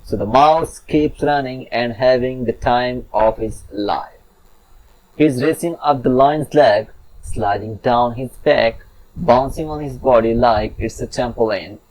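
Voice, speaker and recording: A man's voice: medium pitch, measured pace, a little mellow, rough recording. A man telling a children's fable in a chatty, playful storybook narration with asides to the listener.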